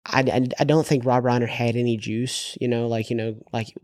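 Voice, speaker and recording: A man chatting on a podcast in a mellow, warm voice. He rambles, restarting his sentences over and over and stacking up fillers. The sound is close and dry, with no room echo. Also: medium pitch, level tone, fairly quick. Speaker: podcast co-host. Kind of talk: casual movie chat.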